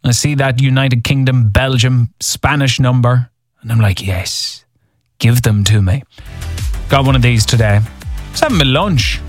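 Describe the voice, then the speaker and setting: A man's voice: medium pitch, normal speed, dry recording, soft background music. A man hosting an evening radio show, telling a story in a chatty, casual way. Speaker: radio host.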